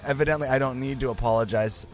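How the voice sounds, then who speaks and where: A male podcast host with a raspy, sick voice from the flu, rambling through self-mocking stories in casual chat. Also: mid-range voice, fast talker, soft background music.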